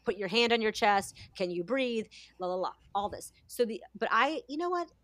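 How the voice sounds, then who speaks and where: A woman's voice: fairly high pitch, expressive, moderate pace, fairly bright tone, no echo. A woman in her thirties, chatting casually and telling candid, rambling stories with many fillers. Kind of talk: casual chat.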